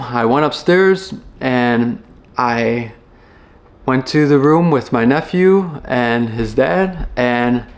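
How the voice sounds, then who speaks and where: A young former firefighter from Chicago shares a personal memory, his middle-pitched voice earnest and unpolished. He's halting and reflective, pausing and restarting often and leaning on fillers.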